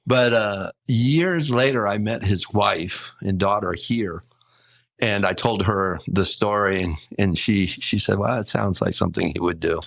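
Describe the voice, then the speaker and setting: An older man, a hotel general manager, telling a story in a lively way and acting out the quotes. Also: on the low side, measured pace, creaky, dry recording. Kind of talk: casual storytelling.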